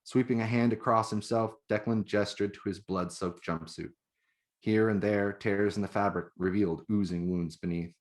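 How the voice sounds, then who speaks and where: A man, the author, reading his own novel aloud in measured, even narration. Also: fairly low pitch.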